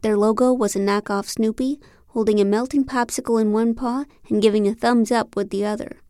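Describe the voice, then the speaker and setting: Woman reading a novel out loud, deadpan and wry, super dry studio mic. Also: a little high, brisk, clean tone, no echo. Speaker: audiobook narrator. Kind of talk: scripted first-person narration.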